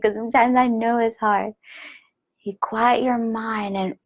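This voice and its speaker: A woman giving a spiritual lesson on a live online call, speaking softly and gently and often sinking into a hushed whisper, with slow, repeated phrases. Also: a little high, fairly even intonation. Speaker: spiritual teacher.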